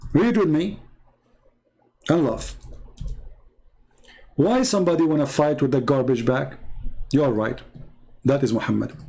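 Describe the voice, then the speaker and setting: A man's voice: medium pitch, a little slow, gravelly, long pauses, mellow, low-quality recording. A man hosting a live-stream debate, reading out viewer comments and answering them in mocking, confrontational non-native English, firing rhetorical questions.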